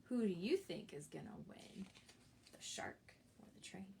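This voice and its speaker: A woman's voice: mid-range voice, big pitch swings, normal speed, gravelly, warm tone. A woman librarian reading a picture book aloud for children at storytime. She talks in a chatty way and asks the listeners questions. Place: library, recorded for an online video.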